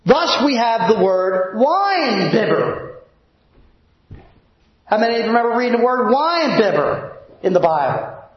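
A man's voice: high voice, very animated, a little slow. A man preaching a sermon to his congregation from the pulpit, asking the room rhetorical questions. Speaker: pastor. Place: church sanctuary. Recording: echoey, dull church recording.

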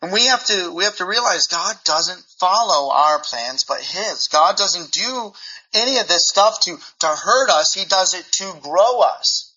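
A man's voice: sits high, a little slow, breathy edge. A man preaching a sermon, repeating words as he restarts his sentences and acting out little dialogues. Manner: acts out dialogue in lively voices. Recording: dull lo-fi recording.

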